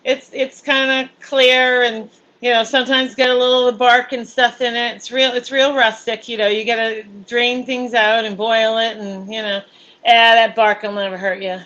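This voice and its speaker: A woman co-hosting a casual livestream chat, easygoing and laughing softly. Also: on the high side, level tone, normal speed, dull audio. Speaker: co-host.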